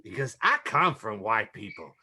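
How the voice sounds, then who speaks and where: Lively bright-voiced man, podcast chat. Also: lowish voice, normal speed, a little hiss or hum. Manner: animated, laughs often, self-deprecating. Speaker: podcast co-host. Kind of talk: casual chat, describing memes.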